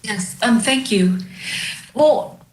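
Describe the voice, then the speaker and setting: Slow, pleading councilwoman. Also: a little high, expressive, a little mellow, roomy sound, low-quality recording. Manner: pleading, earnest. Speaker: city council member.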